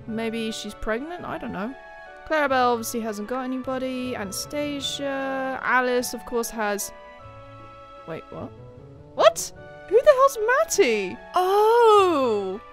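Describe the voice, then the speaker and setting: Excitable woman gameplay commentator, fairly high voice, quick shrieks of surprise, soft music behind. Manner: excitable, with sudden shrieks and exclamations. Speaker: game commentator.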